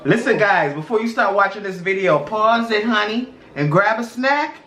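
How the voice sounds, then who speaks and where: A woman's voice: medium pitch, expressive, moderate pace, a bit bright, roomy sound. A woman co-hosting a mukbang vlog in casual chat, sassy and teasing, with a sing-song drawl. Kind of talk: casual chat while eating.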